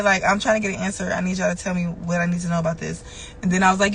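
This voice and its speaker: A woman's voice: medium pitch, fast talker, a bit bright, slight background noise, low-quality recording. A woman giving a loose, conversational tarot reading. She curses freely and repeats phrases for emphasis. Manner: loose and conversational, with frequent swearing. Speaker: tarot reader. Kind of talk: casual spiritual tarot reading.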